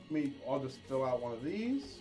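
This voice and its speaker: A man's voice: mid-range voice, big pitch swings, a little fast, darkish tone, soft background music. A man co-hosting a casual livestream, rambling in chat and calling races with playful jokes. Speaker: livestream co-host.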